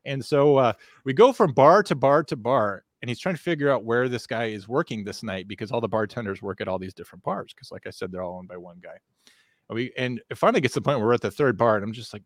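A man guesting on a podcast, casually telling a rambling, animated anecdote with plenty of swearing. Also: mid-range voice, brisk, no echo, clean studio sound.

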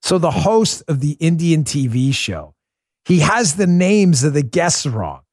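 Excitable male talk-show host, dry close mic. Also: unhurried, no room sound. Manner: excitable, acts out quotes in a loud high voice. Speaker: podcast host. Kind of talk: animated political talk show.

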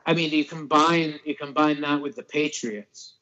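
A man's voice: a little high, steady tone, moderate pace, background noise. A man from the Boston area, a podcast guest in casual sports chat, rambling and easygoing with restarts. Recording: dull lo-fi audio.

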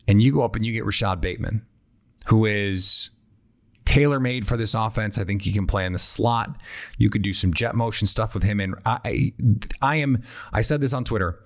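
A man hosting a sports podcast, talking through draft trade ideas in a loose, conversational way with frequent restarts. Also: lowish voice. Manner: conversational, frequent restarts, quotes imagined team thinking. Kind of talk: casual analysis monologue.

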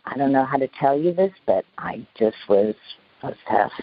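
A middle-aged woman recounting a past ordeal in an interview, halting, with many restarts and fillers. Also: extremely low pitch, expressive, breathy edge, no echo. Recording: dull, lo-fi sound.

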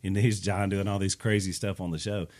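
A man with a fairly low voice hosts a relaxed podcast chat. He tells stories in an animated way, with easy, conversational timing. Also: a little fast. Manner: animated anecdote telling. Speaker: podcast host. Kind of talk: casual storytelling chat.

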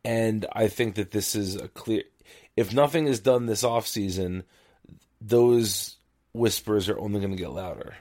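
A man with a lowish voice co-hosts a casual sports podcast. He talks in a wry, sleepy way and reads out listener email. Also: measured pace, darkish tone. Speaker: podcast co-host.

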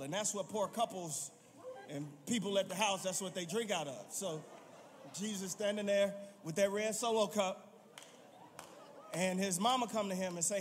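A male pastor preaching a sermon, telling the story with animated, playful asides and building to emphatic calls. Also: high voice, moderate pace, pauses often, slight background noise. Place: church sanctuary. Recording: long reverb in a large sanctuary.

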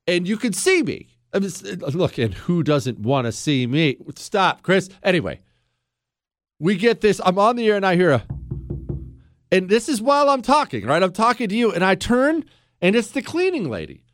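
A man hosting a radio talk show, telling a story and giving commentary in a lively, emphatic way with rhetorical questions. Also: high-pitched, normal speed, no echo, studio quality. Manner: animated, laughs at own stories, emphatic rhetorical questions. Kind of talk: casual on-air storytelling and commentary. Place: radio studio.

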